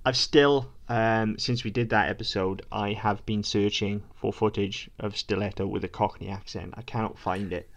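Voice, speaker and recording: Guy cohosting a podcast, lowish voice, lots of ums and restarts. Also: fairly even intonation, creaky. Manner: quick, hesitant, many restarts and ums. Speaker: podcast co-host. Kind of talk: casual chat.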